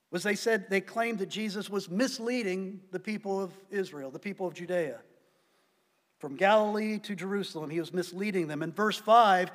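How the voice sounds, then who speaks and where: Man, pastor, sermon, high voice, long hall reverb. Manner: emphatic preaching, swinging between loud stresses and quiet drops.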